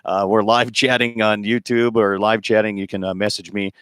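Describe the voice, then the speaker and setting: A man's voice: on the low side, little pitch movement, moderate pace, a bit bright, smooth, no room sound, studio quality. A man hosting an outdoors radio show, chatting in a folksy, rambling way and laughing easily, broadcasting from a small closet. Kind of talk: casual talk radio chat.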